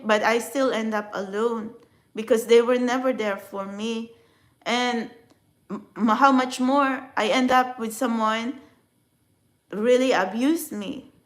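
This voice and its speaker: A woman with a high voice tells her story in a personal vlog, and her first language is a Filipino dialect. She rambles and restarts, emotional and halting, circling back on her thoughts. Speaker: spiritual vlogger.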